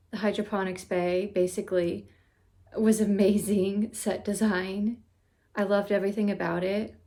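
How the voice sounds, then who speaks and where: A woman hosting a reaction video who reviews a TV episode in a casual, gushing, excitable way. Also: mid-range voice.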